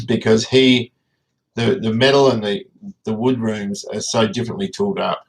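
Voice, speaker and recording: A middle-aged man chats loosely on a live stream, greeting viewers one by one. His voice sits a little low. He rambles from topic to topic in an easygoing way. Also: little pitch movement, a little slow, poor audio. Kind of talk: casual live-stream chat.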